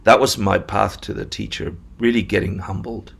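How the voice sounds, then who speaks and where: A man from Argentina with a mixed Australian-Argentine accent, telling his story as a meditation teacher in a casual interview, animated and laughing often. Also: on the low side, normal speed, gravelly, breathy edge. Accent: Australian-Argentine mix.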